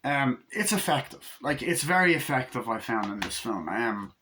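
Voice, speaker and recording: A man's voice: medium pitch, sing-song, moderate pace, sharp tone, a little hiss or hum. A young man in his twenties giving a casual, rambling film review, retelling scenes by mimicking the dialogue and swearing casually. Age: 20s. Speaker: movie reviewer.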